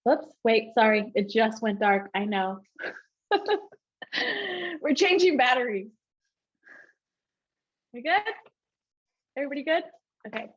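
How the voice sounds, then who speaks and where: A woman with a fairly high, slightly rough voice gives her testimony slowly, with big pitch swings and frequent pauses. Before a live audience she talks through her story casually, repeatedly asking "right?", in a dull, lo-fi recording of the event.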